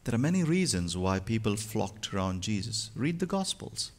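A male pastor preaching a sermon, moving from hushed, slow lines to loud, emphatic ones. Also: lowish voice, sing-song.

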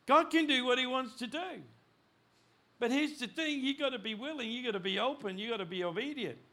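A middle-aged male pastor preaching a sermon, animated, with frequent restarts, growing loud and urgent in places. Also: very high voice, a little fast. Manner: animated preaching, rising loud when voicing God; frequent restarts and repeated words.

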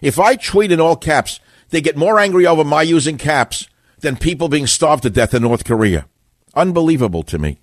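A man's voice: on the high side, animated, normal speed, no echo, studio quality. An older man hosting a call-in talk radio show, speaking in a combative, opinionated way with rambling asides.

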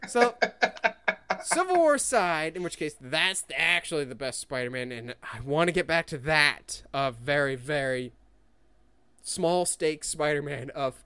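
A man's voice: measured pace, smooth, dry recording. An enthusiastic man chatting on a podcast, his voice swooping up and down as he talks. The sound is close and dry, with no room around it. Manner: enthusiastic, jumps into high excited quotes. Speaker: podcast co-host. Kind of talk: casual fan chat.

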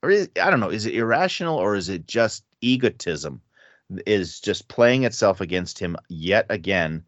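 A man with a very low voice talks through a Bible study in a casual, searching way, often halting and restarting his thoughts. The recording is dry and somewhat dull, with a lo-fi edge. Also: animated, no room sound. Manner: thinking aloud, hesitant, many restarts.

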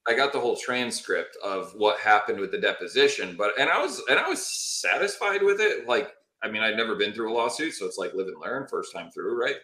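A man's voice: lowish voice, brisk, few pauses, echoey room. Exasperated, foul-mouthed man telling a story. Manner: animated, exasperated, swears freely. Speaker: podcast guest. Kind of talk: casual storytelling chat.

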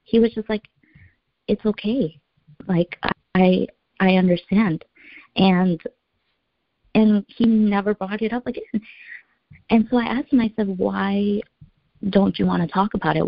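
Young woman, gravelly low voice, earnest, halting, dry lo-fi sound. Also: dry recording. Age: young adult. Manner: earnest, emotional, halting with fillers. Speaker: guest. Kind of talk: personal story in an interview. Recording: dull lo-fi sound.

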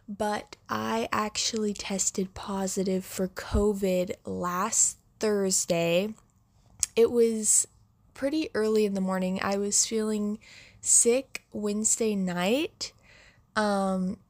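Young woman with a sick voice, slow chat. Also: mid-range voice, a little mellow, no room sound. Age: young adult. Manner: chatty, filler-heavy, slow. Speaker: podcast segment host. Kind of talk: casual monologue.

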